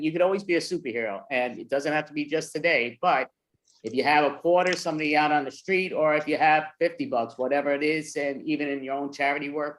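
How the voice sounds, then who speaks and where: A man's voice: a little high, a bit bright, low-quality recording. A man hosting a live online comedy show, thanking guests in a loose, rambling way. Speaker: show host.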